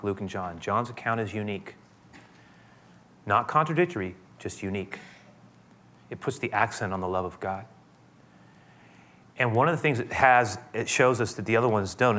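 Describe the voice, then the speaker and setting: A male pastor preaching a sermon with fervor, swinging between loud bursts and hushed, intimate passages. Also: on the low side.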